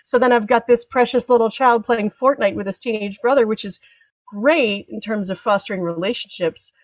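A woman in her forties, a podcast guest, talking about parenting in a wry, frank, halting casual chat. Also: fairly high pitch, no room sound, rough recording.

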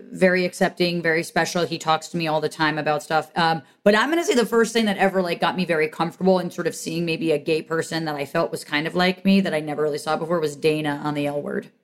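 A woman guest on a podcast chatting casually and dropping quick, joking remarks. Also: on the low side. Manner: quick wisecracking interjections. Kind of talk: casual chat.

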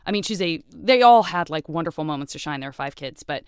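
Low, smooth-voiced woman podcast host. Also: lively intonation, quick pace, no echo, studio quality. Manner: warm, affirming listener with frequent agreement. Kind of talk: casual podcast interview.

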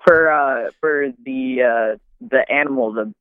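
A man calling in to a comedy podcast, halting and stammering as he pitches a silly idea. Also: clean tone, no room sound. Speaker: caller. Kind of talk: casual phone-in chat. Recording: tinny phone line.

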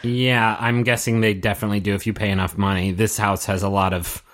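A man's voice: lowish voice, flat delivery, brisk, fairly bright tone. Joking, profane podcast co-host man. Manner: profane, joking, drops into silly voices. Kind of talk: casual comedic recap chat.

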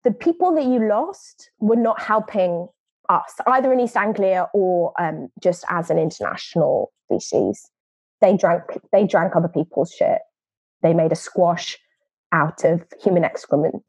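A woman's voice: on the low side, animated, measured pace, darkish tone, slightly rough, dry recording, muffled recording, exaggerated voice. A woman playing a blunt, unapologetic nature-trust spokeswoman in a scripted comedy podcast interview, rambling as she defends herself. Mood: defiant.

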